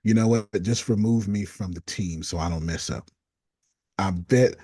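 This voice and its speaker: A man coaching a group, reading out negative self-talk statements one after another in a deliberate, casual way. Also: deep voice, dark tone, slightly rough, dry recording, studio quality.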